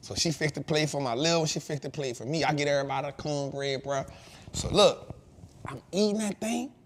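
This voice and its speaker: A man in his thirties hosting a show, telling a casual story in an animated, slangy way that swings from loud to hushed. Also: fairly high pitch, a little fast, a little hiss or hum. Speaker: host.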